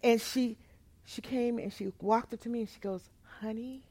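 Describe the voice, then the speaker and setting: A woman pastor telling a personal testimony in a sermon, moving between quiet, hushed storytelling and loud, emotional outbursts. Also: a little high, fairly even intonation, normal speed.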